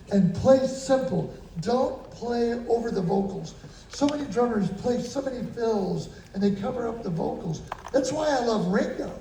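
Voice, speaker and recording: A man's voice: high voice, creaky, dark tone, echoey room, slight background noise. A man answering an audience's questions in a casual, jokey way, acting out voices and drum sounds as he tells stories, recorded from a distance in an indoor venue. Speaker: guest drummer answering questions. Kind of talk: casual storytelling Q&A.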